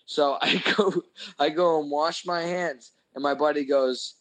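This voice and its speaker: A young man with a fairly high voice tells a rambling story in casual chat. He swears constantly and gets worked up as he acts out his own anger. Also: fairly even intonation, a little slow, fairly bright tone, rough recording. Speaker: podcast host telling a story.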